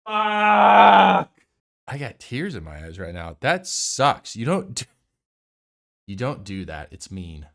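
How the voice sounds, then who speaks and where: Sarcastic, animated man ranting at a movie. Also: low voice, measured pace. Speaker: movie reactor. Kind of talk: casual live film commentary.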